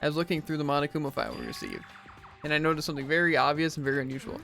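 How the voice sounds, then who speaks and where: Male streamer: rapid reader, voice sits a bit high, voices all characters himself, quips between lines, faint game music under him. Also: very animated, creaky, sharp tone. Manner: reads every character's lines himself, with jokey asides. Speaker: streamer reading a visual novel aloud. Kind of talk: let's play, reading game dialogue aloud.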